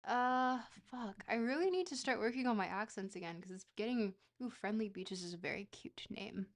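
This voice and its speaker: A woman's voice: mid-range voice, moderate pace. A woman streamer talks her way through a geography guessing game in loose, casual chat. She rambles and jokes, with an easy habit of swearing.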